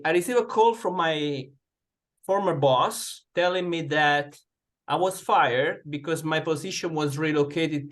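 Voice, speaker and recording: A man joins a club meeting by video call to give a prepared speech. His voice sits fairly high, and he takes his time, telling his story earnestly and pausing between thoughts. His pace stays slow throughout. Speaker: club speaker joining online.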